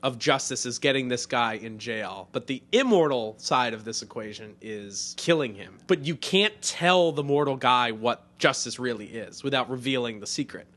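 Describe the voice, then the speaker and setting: A man's voice: mid-range voice, expressive, moderate pace, hardly any pauses, a bit bright. A man co-hosting a podcast, chatting casually and rambling with lots of fillers while recapping a TV episode. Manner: rambling, many "like" fillers, swears freely. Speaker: podcast co-host.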